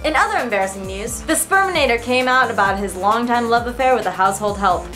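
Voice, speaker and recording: A young woman hosting a comedic web news roundup, snarky and playful with quick jokey asides. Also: a little high, animated, bright, forceful tone, faint music behind. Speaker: show host.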